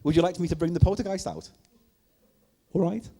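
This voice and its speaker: A man doing stand-up comedy at a live show, telling stories in an animated way and laughing at his own jokes. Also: high-pitched, a little fast. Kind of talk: comic storytelling on stage. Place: live comedy night in a venue.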